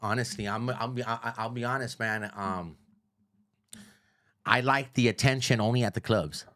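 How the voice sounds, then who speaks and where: A man's voice: medium pitch, moderate pace, fairly bright tone. A middle-aged man, a radio personality, telling stories as a guest in a casual interview, swearing freely and repeating himself for emphasis. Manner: profane and emphatic, with heavy repetition.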